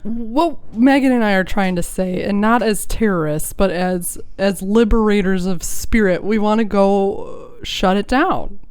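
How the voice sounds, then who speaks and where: A woman co-hosting a podcast in casual chat, animated and laughing, sometimes bursting out loudly, close to the mic. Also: mid-range voice, unhurried, hardly any pauses, clean tone. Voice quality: animated, laughing, prone to loud outbursts. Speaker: podcast co-host.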